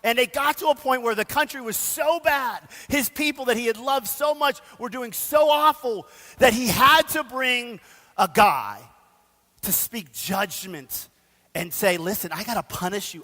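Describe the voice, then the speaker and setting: A man preaching a sermon, telling the story in a casual, animated way with slang. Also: very high voice, measured pace, long reverb tail. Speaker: pastor. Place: church sanctuary.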